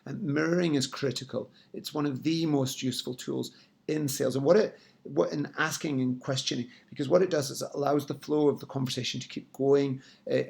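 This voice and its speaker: Gravelly-voiced man coaching on sales. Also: mid-range voice. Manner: coaching, direct, frequent "yeah, right?". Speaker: sales trainer. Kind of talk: instructional talk.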